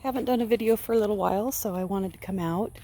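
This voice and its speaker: A woman's voice: medium pitch, fast talker, dark tone. A woman filming a casual vlog outdoors by a pasture, chatting and cooing at her sheep in a sing-song voice. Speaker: sheep farmer. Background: faint sheep bleats.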